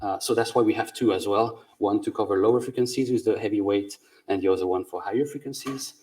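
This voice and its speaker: Low-voiced man explaining from a stage. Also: fast talker, darkish tone, recorded from a distance, poor audio. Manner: methodical, explaining step by step with many "uh"s. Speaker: conference speaker, sound designer. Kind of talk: conference talk.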